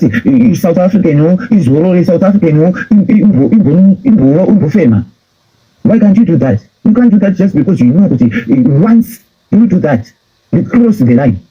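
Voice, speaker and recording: A Zimbabwean man in full heated rant, scolding his listeners and hammering the same points again and again. His voice sits a little high for a man, yet it is husky and mellow in tone. The recording is dull and lo-fi. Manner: repeats phrases in heated rebuke. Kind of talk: impassioned political rant.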